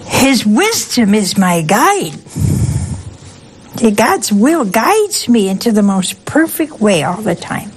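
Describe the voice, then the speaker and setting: Older nun preaching, chatty. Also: female voice, mid-range voice, very animated, slow, a little hiss or hum, poor audio. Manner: chatty, keeps asking the listeners questions; folksy and humorous. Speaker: nun giving a spiritual talk. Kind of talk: conversational sermon.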